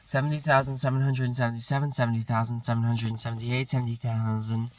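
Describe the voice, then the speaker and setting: Man counting numbers fast, slightly off-mic. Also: medium pitch, level tone, dry recording, recorded from a distance. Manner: rapid rote counting with slips, self-corrections and bursts of swearing frustration. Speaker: streamer counting aloud. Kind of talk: long monotonous counting stream.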